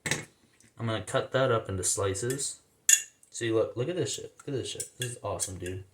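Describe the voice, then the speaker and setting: A man's voice: on the low side, moderate pace. A man hosting a casual cooking vlog in his home kitchen, rambling, slangy and amused at himself. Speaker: cooking vlogger. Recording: echoey room, faint noise.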